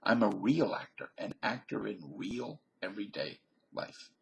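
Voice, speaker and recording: A man's voice: fairly low pitch, measured pace. A man from Virginia in a rambling comic monologue to camera. He keeps making claims, then says he was just kidding. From Virginia, USA. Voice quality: very gravelly, husky voice that often drops to a breathy near-whisper. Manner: jokey, contradicts himself and then says he is kidding. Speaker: vlogger.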